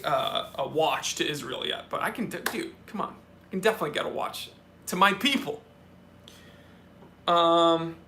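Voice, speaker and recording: A watch channel host with a high, bright voice hosts a casual live Q&A, reading out questions from viewers. His answers are jokey, packed with quick asides, and he often restarts mid-sentence.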